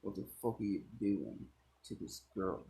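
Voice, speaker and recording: A man's voice: sits low, unhurried, vocal fry, low-quality recording. A man voicing an irritated, foul-mouthed teenage boy hero in a read-aloud fan story. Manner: curt, swears, yells when angry.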